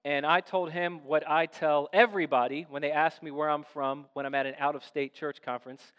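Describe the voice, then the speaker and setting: A young adult man, a pastor from Maryland, preaching a sermon in a relaxed, conversational, self-deprecating storytelling way in a church. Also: on the high side, fairly quick, clear, resonant tone. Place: church sanctuary. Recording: long hall reverb.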